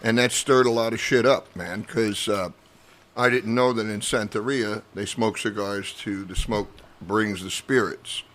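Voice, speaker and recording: Deep-voiced man telling a slow story. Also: fairly bright tone. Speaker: podcast guest. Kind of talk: casual chat. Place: comedy club room.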